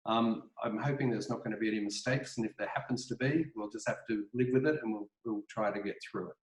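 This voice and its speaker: A man's voice: on the low side, quick pace. Australian male presenter, chatty webinar talk full of ums and restarts, echoey kitchen over a computer mic. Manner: rambling, many fillers and restarts, apologetic. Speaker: webinar presenter, art educator. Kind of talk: casual online presentation. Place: home kitchen.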